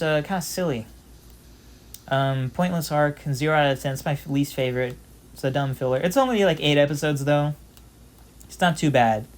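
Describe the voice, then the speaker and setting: A young man giving casual gameplay commentary, rambling with lots of fillers and the odd swear. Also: fairly high pitch. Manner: rambling, filler-heavy storytelling with frequent "um" and "like". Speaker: gameplay channel host.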